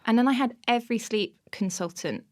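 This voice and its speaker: A woman's voice: fairly high pitch, animated, fairly quick. A woman, a podcast guest, telling funny self-mocking stories in a casual interview, often breaking into laughter.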